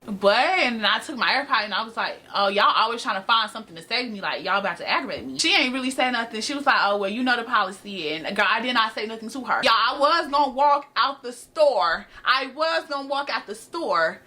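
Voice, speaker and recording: Young woman, bright tense tone, higher pitch, blunt storytime vlog. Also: a little fast, hardly any pauses. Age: young adult. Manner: animated, blunt storytelling with quoted comebacks. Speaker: vlogger.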